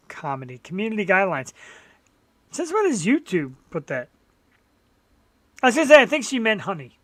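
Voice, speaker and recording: A woman's voice: medium pitch, wildly swooping pitch, normal speed, long pauses, a bit bright, no room sound. Host: woman, chatty and giggly, loose crude banter, plugs and thank-yous. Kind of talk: casual live-stream chat.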